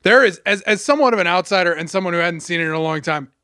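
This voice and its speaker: A man, a guest on a podcast, telling lively, self-mocking stories in casual chat. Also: high-pitched, clear, resonant tone, no echo, clean studio sound. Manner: lively, self-mocking, does quick voices in anecdotes. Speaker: podcast guest, former cast member. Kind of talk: casual chat, animated storytelling.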